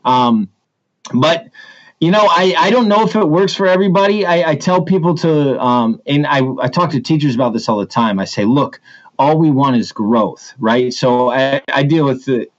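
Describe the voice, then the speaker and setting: Animated man telling school stories. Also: a little high, moderate pace, muffled recording. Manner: animated storyteller with many restarts. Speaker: assistant principal, guest. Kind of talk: casual interview chat.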